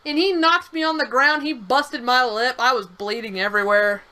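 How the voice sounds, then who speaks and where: Young woman on a game stream, bright higher voice, rambles and swears while telling stories. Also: moderate pace, low-quality recording. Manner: animated storyteller, rambling with restarts and swearing. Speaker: streamer co-host. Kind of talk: casual chat over a game stream.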